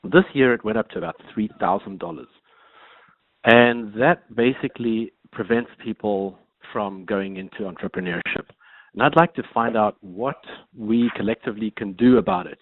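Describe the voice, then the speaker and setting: Male caller from Virginia, low voice, polite and measured, heard over a dry phone line. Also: no echo. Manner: polite, measured, with filler ums. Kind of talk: asking a question on a call-in.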